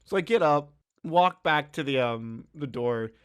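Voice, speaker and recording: A young man casually telling a story, animated, laughing and swearing as he goes. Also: fairly high pitch, a little slow, clean tone. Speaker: streamer.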